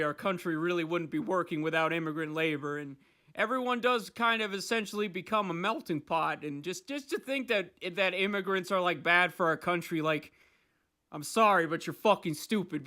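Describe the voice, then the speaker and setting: A young man hosting a podcast, rambling and swearing in casual chat. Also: a little high. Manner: rambling, profane, animated. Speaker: podcast host.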